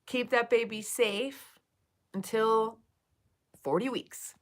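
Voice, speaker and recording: A woman's voice: a little high, fairly even intonation, slow. A woman streaming live, chatting casually with viewers, swearing freely and soothing them by turns. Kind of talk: casual livestream chat.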